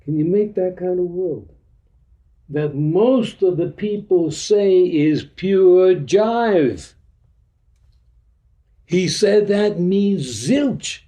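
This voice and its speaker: A man's voice: high-pitched, expressive, drawn-out words, long pauses, mellow. A man giving an informal teaching talk to a group in a meeting room, blunt and full of street slang, acting out little dialogues. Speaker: spiritual teacher.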